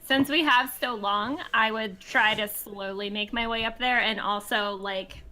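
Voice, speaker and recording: A woman's voice: on the high side, fairly even intonation, measured pace, sharp tone, a little hiss or hum, low-quality recording. A woman playing a tabletop game, thinking out her plan aloud with "like" fillers. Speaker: player. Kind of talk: casual tabletop play.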